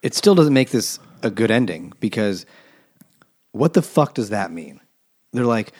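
A man's voice: fairly low pitch, expressive, moderate pace, darkish tone. A man co-hosting a podcast, casually and sarcastically recapping a book's plot with plenty of swearing. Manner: sarcastic, profane, mocking the plot. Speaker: podcast co-host. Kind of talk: casual chat, recapping a book.

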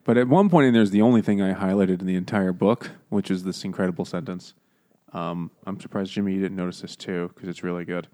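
A man's voice: low voice, fast talker, warm tone. A man co-hosting a casual podcast chat, laughing often and swearing while recapping a book. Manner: laughing often, swearing, jumping into silly voices. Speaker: podcast co-host.

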